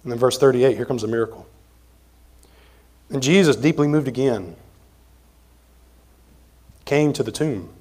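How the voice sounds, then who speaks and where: A man preaching an expository sermon as pastor, conversational, moving between forceful emphasis and quiet asides. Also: mid-range voice, a little slow, pauses often. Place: church sanctuary.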